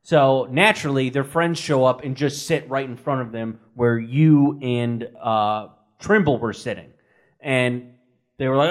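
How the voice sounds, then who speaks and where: A man's voice: mid-range voice, animated, normal speed. A man co-hosting a podcast, telling a story in a chatty, wry way. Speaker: podcast co-host.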